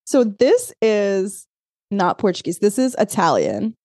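Chatty, swearing woman with a mellow voice. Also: medium pitch, huge pitch swings, measured pace, dry recording, clean studio sound. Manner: chatty, swears freely, laughs often. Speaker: podcast co-host. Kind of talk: casual chat.

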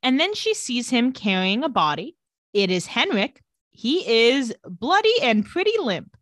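A woman co-hosting a casual chat, retelling a TV episode with quick put-on character voices and frequent laughs. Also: fairly high pitch, sing-song, a bit bright, no room sound. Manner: storytelling recap, quick mock voices for characters, laughs often. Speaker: podcast co-host recapping a TV episode.

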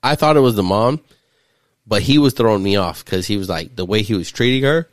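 A man's voice: lowish voice, animated, brisk, dry recording, studio quality. A man hosting a podcast, recapping a movie in casual, profane chat and laughing often. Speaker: podcast host. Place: studio.

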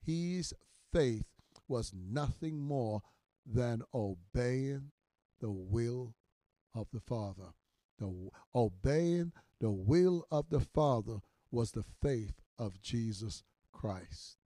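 A man in his sixties, a minister teaching in a podcast sermon, emphatic and repetitive, his voice swelling loud on key words. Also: medium pitch, expressive, slow, no echo. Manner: repeats phrases for emphasis.

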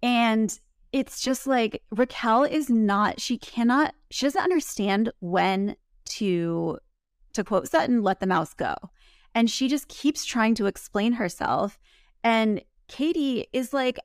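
A woman's voice: fairly high pitch, slow pace, no echo, studio quality. A woman co-hosting a podcast, chatting casually and animatedly as she retells scenes. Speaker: podcast co-host. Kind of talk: casual recap chat.

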